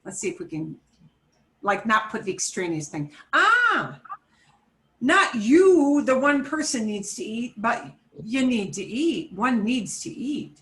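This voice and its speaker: Slow, lively woman teaching Spanish. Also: fairly high pitch. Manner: patient, explains step by step, mixes Spanish into English. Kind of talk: beginner language lesson.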